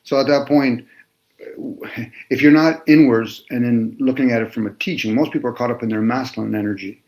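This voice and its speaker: A man in casual chat, explaining his ideas in a slow, lecturing way and playing with the meanings of words. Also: mid-range voice, a little mellow, poor audio.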